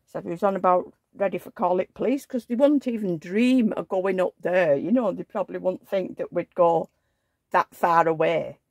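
A woman's voice: on the low side, moderate pace, no echo, low-quality recording. A middle-aged woman, rambling fondly in a casual home vlog while she handles her dolls. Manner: homely, rambling, fond chatter. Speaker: doll collector vlogger. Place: indoors at home.

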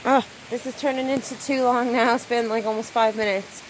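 A woman in a casual phone vlog, chatting excitedly while she films a rainstorm outdoors. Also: a little high, a little fast, rough recording. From Newfoundland, Canada. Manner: chatty, excitable, rises into baby talk with her dog. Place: outdoors in a rainstorm, sheltering under cover. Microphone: phone held in hand. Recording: phone mic outdoors with light rain noise.

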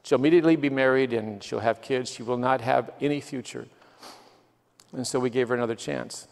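A man's voice: mid-range voice, a little fast, vocal fry. A man giving a missionary's testimony sermon, telling stories in an earnest way that swells with emotion. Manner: earnest storytelling, quoting people, swells with emotion. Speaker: guest missionary. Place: church sanctuary. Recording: long church reverb.

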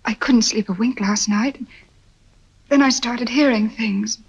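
A woman's voice: a little high, unhurried, husky. An actress playing a frightened young woman in a 1940s film, telling her story in an anxious, pleading way. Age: young adult. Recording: dull old film soundtrack.

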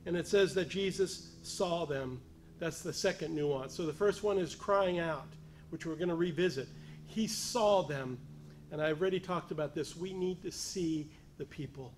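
A man preaching a sermon, building from measured explanation to emphatic, raised appeals. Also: a little high, a little hiss or hum. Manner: rising to emphatic, raised voice on key points; pleading as he voices the lepers' cry.

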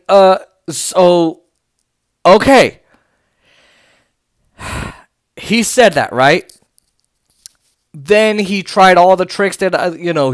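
A man giving casual political commentary in an animated, emphatic way, repeating words for emphasis and adding mocking, sarcastic asides. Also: sits high.

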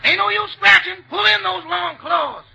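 A man's voice: extremely high pitch, moderate pace, gravelly, pushed and bright, faint music behind, exaggerated voice, poor audio. A man playing a menacing razor-wielding dream servant. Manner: menacing, drawling threats. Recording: 1930s radio broadcast with hiss.

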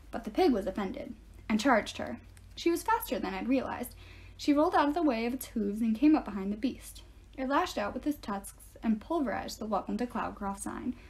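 Woman narrator with a slightly high voice, reading aloud at an even storytelling pace. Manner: steady first-person storytelling. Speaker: audiobook reader.

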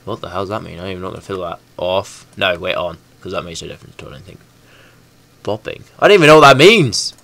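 A young man with a cold, rambling and excitable as he comments on his own gameplay. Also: low voice, fast, creaky, no room sound. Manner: excitable, rambling, self-correcting. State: stuffy with a bad cold. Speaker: gaming YouTuber. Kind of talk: casual game commentary.

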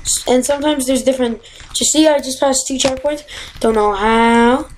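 Woman gamer, fairly high voice, exasperated and excitable commentary, faint room hum behind. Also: moderate pace, low-quality recording. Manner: exasperated, excitable, yelps and gasps. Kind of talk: casual gameplay commentary. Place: home.

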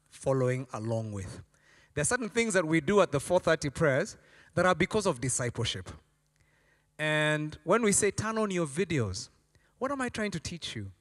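Animated pastor preaching. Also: male voice, on the high side, long reverb tail. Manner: animated storytelling, acting out voices. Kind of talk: sermon.

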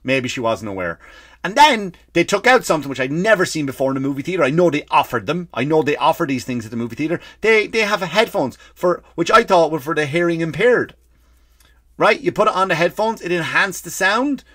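An Irish man hosting a comedy podcast, ranting and swearing freely, breaking into loud acted-out bursts. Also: a little high, animated, fairly quick, dry recording, studio quality. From Ireland. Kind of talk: comedic rant.

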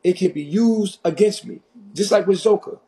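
A man from Harlem with a New York accent, ranting intensely and confrontationally on a live stream, loud and in your face. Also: high-pitched, moderate pace. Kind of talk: heated live stream rant.

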